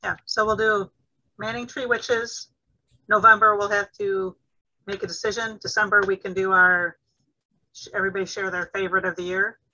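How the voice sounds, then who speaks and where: A woman co-hosting a book club over a video call, talking in a brisk, practical way about upcoming plans. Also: medium pitch, little pitch movement, pushed and bright, dry recording. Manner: brisk, practical scheduling talk. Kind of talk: casual book club chat. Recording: dull lo-fi video call audio.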